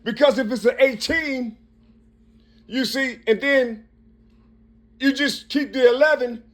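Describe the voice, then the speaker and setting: Guy with a pretty high voice rambling into his own recording, keeps going "you see?", stumbles and restarts a lot. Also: fairly bright tone. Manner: working through numbers and letters aloud, halting restarts. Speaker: self-recording monologuist. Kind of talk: rambling spoken monologue. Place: Cincinnati, Ohio.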